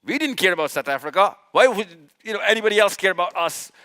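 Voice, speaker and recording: A man's voice: high voice, lively intonation, quick pace, bright, forceful tone, smooth. A man from Pakistan, giving an impassioned religious lecture to a live audience, firing off rhetorical questions and repeating his points for emphasis. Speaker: speaker at a live session.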